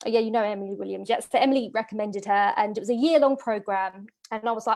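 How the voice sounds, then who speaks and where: A woman's voice: mid-range voice, fast talker, hardly any pauses, a little mellow. A woman, telling a personal story to an audience as a business coach, emotional and full of fillers and repeats. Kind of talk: personal story in a masterclass talk.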